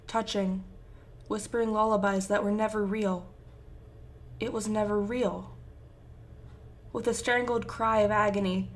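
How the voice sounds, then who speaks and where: A woman's voice: mid-range voice, a little hiss or hum. A woman reading a fan fiction story aloud with intense, emotive narration. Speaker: fanfiction reader.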